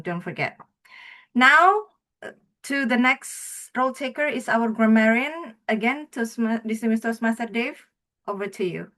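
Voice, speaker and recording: A woman's voice: on the high side, pushed and bright. A woman leading parts of an online meeting, thanking speakers and handing over to the next role. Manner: brisk, upbeat, hands over turns. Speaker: general evaluator. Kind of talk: meeting host segues. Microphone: computer mic on a video call.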